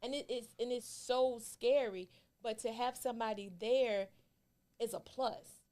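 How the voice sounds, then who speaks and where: A woman's voice: on the high side, steady tone, unhurried, a little mellow. A woman hosting a podcast interview, talking loosely with many fillers. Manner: rambling, full of "you know" fillers. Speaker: podcast host. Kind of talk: casual interview chat.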